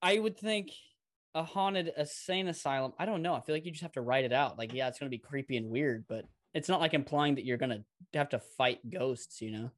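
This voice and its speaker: A man's voice: medium pitch, fairly quick, fairly bright tone. A man in casual chat, rambling and swearing freely, laughing often.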